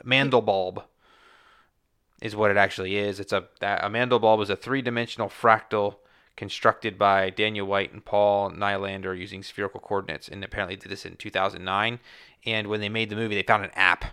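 Low-voiced man explaining, bright tone. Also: steady tone, a little fast, clean tone. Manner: explanatory, stumbling restarts. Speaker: podcast co-host. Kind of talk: casual chat.

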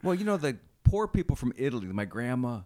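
A man's voice: medium pitch, sing-song, fast talker, a little mellow. A man co-hosting a casual comedy podcast, rambling through jokes and swearing freely. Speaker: podcast co-host.

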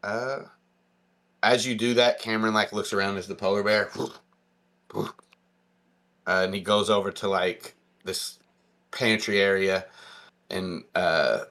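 Narrating a tabletop game as its game master, a man speaks in a fairly low voice. His delivery is easygoing and hesitant, peppered with plenty of fillers.

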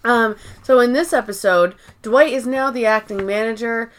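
A woman's voice: fairly high pitch, normal speed. A woman co-hosting a podcast, casually recapping episodes in loose, profane talk and laughing along the way. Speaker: podcast co-host.

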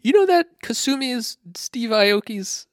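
A man's voice: extremely high pitch, expressive, unhurried, no room sound. A man co-hosting a casual film review podcast, chipping in with dry, short quips and corrections. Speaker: podcast co-host.

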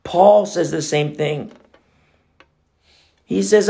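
A pastor giving a conversational sermon, animated and emphatic, at times dropping to a hushed near-whisper. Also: male voice, on the high side, slow, vocal fry, pauses often.

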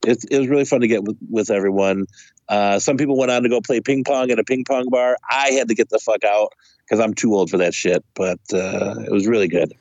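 Animated storytelling podcast man, dry. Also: on the low side, a little fast, no echo, dull audio. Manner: animated, swearing, laughs through stories. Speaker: podcast co-host. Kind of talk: casual storytelling chat.

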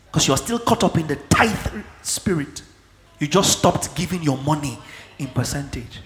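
A male preacher delivering a sermon, dropping to low murmurs and then breaking into shouts. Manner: fiery, swings between low murmurs and shouting. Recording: echoey hall.

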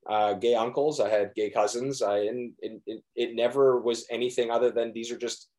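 A man's voice: medium pitch, fairly even intonation, normal speed, dark tone. Earnest young man, rambling chat. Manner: earnest, rambling with many restarts. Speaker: actor guest. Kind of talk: casual interview chat.

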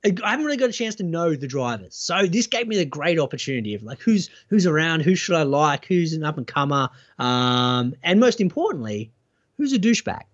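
A man's voice: a little high, fairly quick, lo-fi sound. A man, co-hosting a podcast in casual chat, joking and often restarting his sentences. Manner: animated, joking, restarts a lot. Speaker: podcast co-host.

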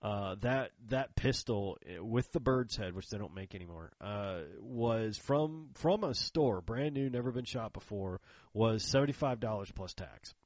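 A man's voice: fairly low pitch, animated, measured pace, darkish tone, dry recording. A man in casual chat who tells long rambling stories, acts out the other people's lines and laughs often.

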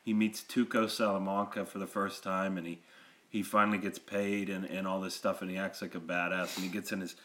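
A man in casual podcast banter, animated and laughing as he tells a story. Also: low voice, a little fast. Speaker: podcast co-host.

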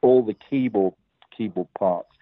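An older man with an English accent, a guest telling lively anecdotes and acting out the dialogue of the people in them. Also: lowish voice, unhurried, dry recording, phone-quality sound. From England. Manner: lively storyteller who acts out quoted dialogue with many restarts. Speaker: guest, record producer and guitarist.

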